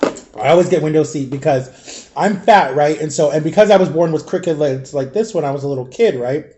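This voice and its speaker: A middle-aged man tells a rambling story in a casual vlog, stopping often to clear his throat or cough. His voice sits a touch high but sounds mellow and warm. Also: brisk. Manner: chatty, swears casually. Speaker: vlogger.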